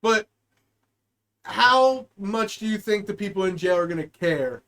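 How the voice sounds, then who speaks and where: A man's voice: high voice, lively intonation, measured pace, a bit bright. A man co-hosting a comedy podcast, chatting casually and jokingly. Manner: joking, does goofy put-on voices. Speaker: podcast co-host.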